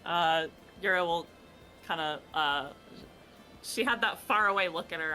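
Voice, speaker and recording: Slow, dreamy woman speaking quietly. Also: lowish voice, soft background music. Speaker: player. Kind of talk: tabletop game role-play.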